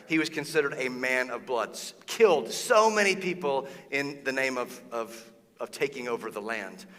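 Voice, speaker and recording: A man preaching a sermon as pastor, telling the story in a lively, casual way with slang and quoted voices. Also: on the high side, long reverb tail.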